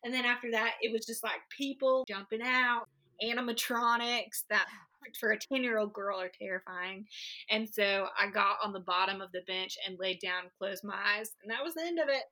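A woman's voice: medium pitch, moderate pace, sharp tone, poor audio. A woman co-hosting a casual chat podcast, talking earnestly with lots of fillers. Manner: chatty, earnest, uses fillers like "like". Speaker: podcast co-host.

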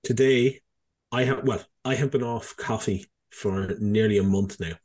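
A man's voice: on the low side, unhurried, darkish tone, breathy edge. An Irish man co-hosting a podcast, chatting casually and teasing his friends with frequent laughs. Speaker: podcast co-host. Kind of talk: casual chat.

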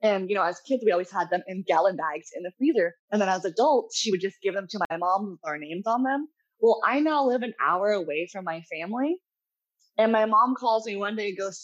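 A woman pastry chef talking as a podcast guest in a relaxed, chatty way, laughing easily. Her voice sits at a middle pitch. The recording sounds a little dull and lo-fi, with the top end muffled. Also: a little fast. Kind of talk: casual chat.

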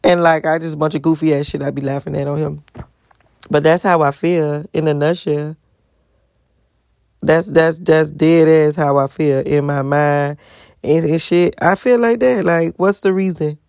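A young woman in her twenties talking in a casual, rambling, profane way, animated and sometimes breaking into song. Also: sits low, normal speed, dry recording, clean studio sound. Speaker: vlogger.

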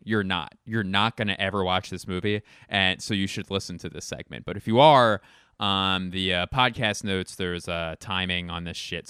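A man's voice: fairly low pitch, pushed and bright, clean tone, no room sound, clean studio sound. A young man hosting a podcast, talking casually in a rambling, profane way with lots of fillers. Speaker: podcast host. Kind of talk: casual chat.

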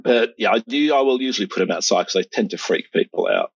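A man's voice: lowish voice, lively intonation, quick pace, vocal fry, slightly rough, no echo. A middle-aged Australian man in casual conversation, rambling with restarts and fillers. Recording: dull, lo-fi sound.

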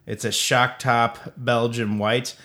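A man's voice: medium pitch, level tone, slow pace, bright, forceful tone. A man co-hosting a casual sports podcast, talking in a rambling way with lots of stumbling restarts. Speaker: podcast co-host.

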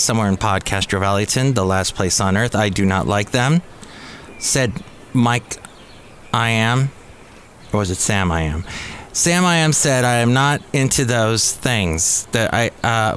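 A man's voice: mid-range voice, fairly bright tone. A man hosts a podcast in a loose, rambling monologue with a mid-range voice, recorded at a cafe with faint noise behind him. He drifts from point to point and drops wry, sarcastic asides along the way. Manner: jokey, digressive, sarcastic asides. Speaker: podcast host.

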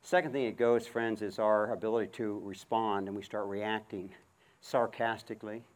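A middle-aged man preaching a sermon while working a horse, calling out commands and then speaking softly and reflectively. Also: on the low side, fairly even intonation, normal speed. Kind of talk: outdoor sermon with horse demonstration.

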